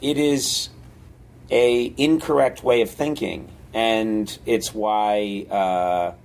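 A man, a comedy writer, in casual chat, telling rambling, animated stories with many fillers. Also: fairly low pitch, drawn-out words, creaky, slight background noise.

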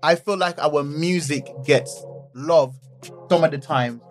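A man with a Birmingham accent hosts a relaxed group conversation, his voice sitting a little high. He teases and asks his guests questions in an easy, casual way. A faint music bed runs under the talk. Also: slow. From Birmingham, England. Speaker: podcast host.

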